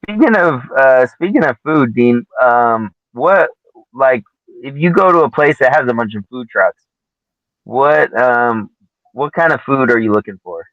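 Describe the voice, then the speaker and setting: A man's voice: mid-range voice, animated, a little slow, dry recording, dull audio. A man co-hosting a podcast, chatting casually with joking, mock-exasperated asides. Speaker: podcast co-host.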